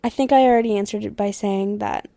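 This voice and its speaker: A woman's voice: mid-range voice, steady tone, quick pace, gravelly, dark tone, dry recording. A young woman hosting a solo podcast, talking candidly and rambling, swearing freely and sometimes dropping to a whisper. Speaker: podcast host. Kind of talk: casual solo podcast chat.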